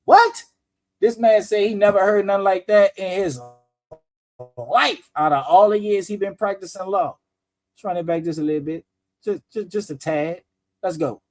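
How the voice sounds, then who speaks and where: A man hosting a casual commentary show, talking in an animated, profane way that often rises to shouts. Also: sits high, normal speed. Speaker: host.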